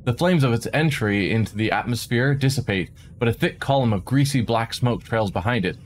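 A man streaming a game, reading a visual novel aloud with dramatic narration and quick asides of his own. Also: mid-range voice, a little hiss or hum. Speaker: let's play streamer.

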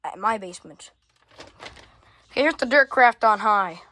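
A fan collector vlogs casually from a room at home in a medium-pitched, lively voice at a moderate pace. Her talk is rambling and full of curse words, and she keeps fumbling with gear. The sound comes from a phone camera, with fans roaring loudly in the background.

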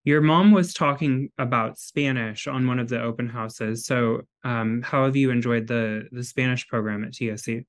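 A man's voice: medium pitch, normal speed, hardly any pauses. A man hosting an interview over a video call, asking questions in a friendly, conversational way. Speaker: interviewer host.

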